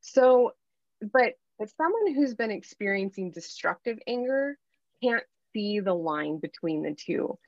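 A woman's voice: mid-range voice, unhurried, no room sound. Earnest woman guest, dull dry audio. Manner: earnest, animated storytelling with filler ums. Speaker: guest life coach. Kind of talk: podcast interview, candid personal story.

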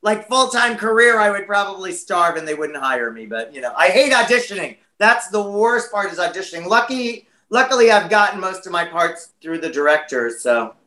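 Brief: American man, chatty interview guest, high and bright, roomy echo. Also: moderate pace, few pauses. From United States. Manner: chatty and animated, many fillers. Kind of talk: casual interview chat.

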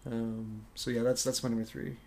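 A man's voice: mid-range voice, level tone, normal speed, vocal fry, darkish tone. A man co-hosting a casual movie-discussion podcast, talking in a loose, rambling way with frequent fillers and restarts. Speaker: podcast co-host.

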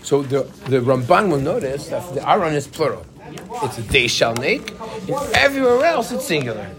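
Animated man teaching a Torah class. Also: fairly high pitch, moderate pace, crowd noise. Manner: animated, asks the class questions.

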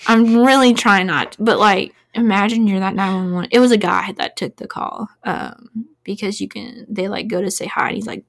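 A woman's voice: medium pitch, moderate pace, gravelly, few pauses. A woman in her thirties hosting a casual true-crime chat, talking loosely with lots of "like" and fillers. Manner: chatty, filler-heavy, "like" after every few words. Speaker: podcast host.

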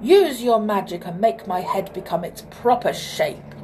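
A woman voicing a vain, greedy male king who squeals and shouts in shrill outbursts. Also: huge pitch swings, a little slow, background noise, full character voice. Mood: indignant.

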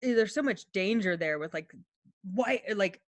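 A woman's voice: mid-range voice, animated, unhurried, no echo. A woman co-hosting a podcast, chatting casually, giggling often and rambling a little. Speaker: podcast co-host. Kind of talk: casual comedic chat.

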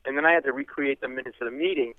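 A male comedian guest telling stories in a rapid, chatty way on a radio interview. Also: medium pitch, dry recording. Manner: rapid, chatty anecdotal delivery. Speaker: comedian guest, former lawyer. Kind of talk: animated storytelling. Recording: tinny phone-like line.

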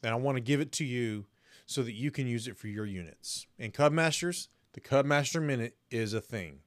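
A man's voice: mid-range voice, lively intonation, moderate pace, dry recording. A man hosting a casual podcast as a scoutmaster, upbeat and friendly, cracking dad jokes.

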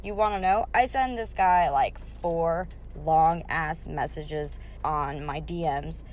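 A woman's voice: low voice, takes it slowly, darkish tone. Blunt, profane woman podcast host. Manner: blunt, profane, storytelling with quoted voices. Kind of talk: casual solo podcast monologue.

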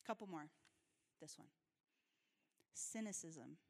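A woman's voice: deep voice, lively intonation, slow. A woman pastor giving a sermon in a casual, conversational and earnest way, laughing often. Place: church sanctuary. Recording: reverberant church hall.

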